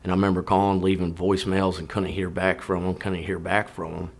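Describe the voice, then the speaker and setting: A man in his forties, a former Navy officer, haltingly recalling a family tragedy in a documentary interview. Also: low voice, level tone, gravelly. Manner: halting, full of "you know" and restarts.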